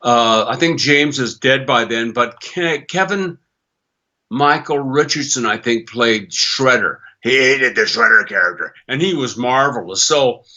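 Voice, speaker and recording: Bright-voiced older voice actor. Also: male voice, mid-range voice, measured pace, muffled recording. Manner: animated storyteller who slips into character voices. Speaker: voice actor guest. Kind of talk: podcast interview.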